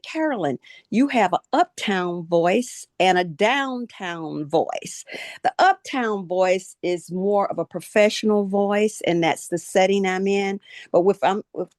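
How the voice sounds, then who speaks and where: A woman's voice: lowish voice, dry recording. Chatty woman co-host, dry mic. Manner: chatty storyteller, asks guest questions. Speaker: podcast co-host. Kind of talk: casual interview chat.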